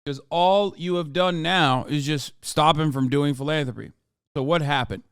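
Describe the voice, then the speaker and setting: A man's voice: fairly high pitch, steady tone, moderate pace, a bit bright, clear, resonant tone, no echo, studio quality. Heated, profane male streamer. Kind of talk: livestream reaction rant.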